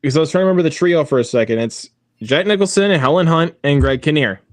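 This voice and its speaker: An excitable young man chatting casually and tripping over his words with lots of fillers. The sound is close and dry, with no room around it. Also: on the high side, quick pace, no echo. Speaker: quiz contestant. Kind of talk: casual chat.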